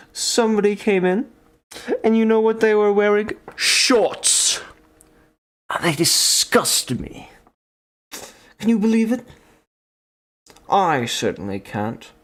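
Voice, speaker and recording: A man doing a pompous fancy gentleman with a haughty, drawn-out posh voice that swoops high and low. He comes across as easily offended and full of himself. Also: heavily acted.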